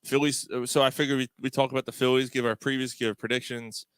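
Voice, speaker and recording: A middle-aged man hosts a casual talk show. He tells stories in an animated way, laughing and swearing as he goes, at a mid pitch in a dry, close room. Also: quick pace, clear, resonant tone, no room sound. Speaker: podcast host. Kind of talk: casual chat.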